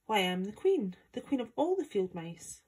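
A woman voicing a tiny, proud mouse queen with a squeaky little voice in a storybook reading. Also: very animated, normal speed, a little mellow, husky. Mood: indignant.

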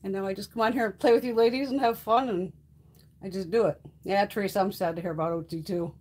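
A woman's voice: mid-range voice, steady tone, fast talker, darkish tone. A middle-aged woman chatting casually while hosting a beauty livestream, swearing freely and laughing often. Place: home makeup room.

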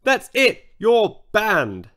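A man's voice: fairly high pitch, very animated, slow. A man voicing a grumpy, complaining male dinosaur with a cross, whiny way of talking in a children's story.

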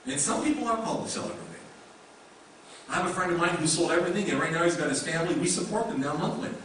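A man's voice: high voice, rapid-fire, fairly bright tone, a little hiss or hum. A male pastor preaching a sermon in a conversational way, with many rhetorical questions. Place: church sanctuary. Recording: echoey room mic from a distance.

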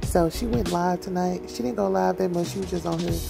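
Low, gravelly woman chatting to viewers. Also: brisk. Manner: chatty, slangy, addresses viewers directly. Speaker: reaction channel host. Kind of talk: casual vlog intro. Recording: music playing under the voice.

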